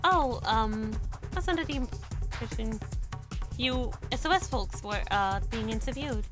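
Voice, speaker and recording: A woman voicing a cheerful, bubbly young female reporter from a visual novel, with a high, eager, polite delivery. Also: expressive, measured pace, over music.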